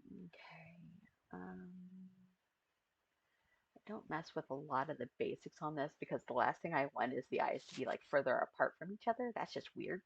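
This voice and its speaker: A streamer talks unhurriedly through a live avatar-building session, thinking aloud and letting sentences trail off. The voice has a gravelly, husky edge and unhurried pacing. It sits on a muffled, lo-fi stream recording. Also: mid-range voice, expressive. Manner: muttering to self, trailing off mid-thought.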